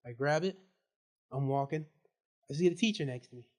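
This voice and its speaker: A male student on a casual podcast, telling an animated story and laughing as he goes. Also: a little high, a little fast. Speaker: student guest.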